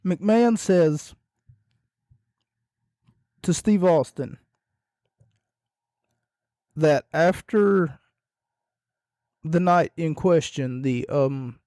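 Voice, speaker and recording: A hoarse man with a frog in his throat hosts a podcast, talking in a rambling, casual way with wry, self-deprecating jokes. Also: on the high side, extremely slow, long pauses, mellow, dry recording, studio quality. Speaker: podcast host.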